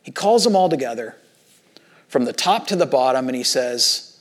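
A man preaching a sermon as a pastor, retelling Bible stories in lively acted-out voices and casual asides. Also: mid-range voice, moderate pace.

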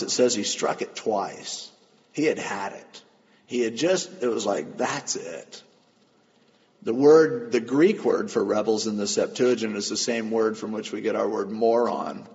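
Lively, emphatic male preacher. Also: mid-range voice. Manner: earnest, emphatic, storytelling. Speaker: pastor. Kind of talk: sermon. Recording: dull lo-fi with long hall reverb.

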